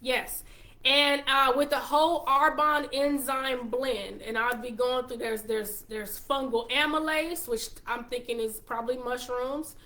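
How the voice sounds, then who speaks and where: A woman's voice: high voice, steady tone, unhurried, bright, forceful tone. A woman with a Texas accent hosting her own show, talking casually to viewers about a product and reading off long ingredient lists in an upbeat, chatty way. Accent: Texan. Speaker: show host and wellness consultant.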